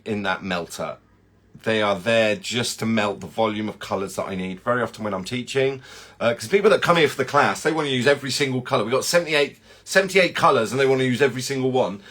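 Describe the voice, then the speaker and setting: A man's voice: medium pitch, a bit bright. A man, a chocolatier hosting a casual live chat and rambling through viewer comments.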